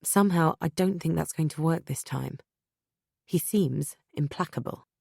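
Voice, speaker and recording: Female audiobook narrator, low register, dry studio sound, tense measured reading. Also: creaky, darkish tone, breathy edge, no echo. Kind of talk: first-person thriller narration.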